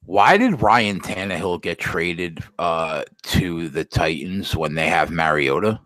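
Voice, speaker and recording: A man's voice: low-pitched, slow pace, a bit bright, dry recording, poor audio. A man co-hosting a podcast who steers the talk and reads sports news aloud. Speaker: podcast co-host. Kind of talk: casual chat.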